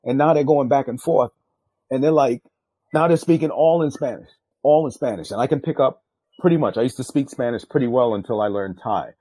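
An older man, a retired drug agent, telling a tense undercover story in an interview, profane and animated. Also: a little fast, breathy edge, no echo. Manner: animated, jumps loud and high acting out quotes; profane, street-style speech.

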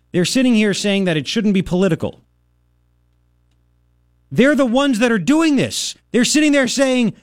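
Male radio host in his thirties, high and lively, sarcastic rant, dry booth. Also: dry recording. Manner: animated, sarcastic, mocking impressions. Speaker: radio talk show host. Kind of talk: opinionated talk radio monologue.

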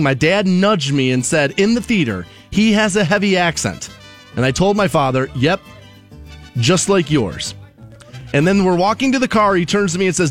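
A man hosting a casual talk show, chatting in a rambling, conversational way with frequent restarts. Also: on the high side. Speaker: radio show host.

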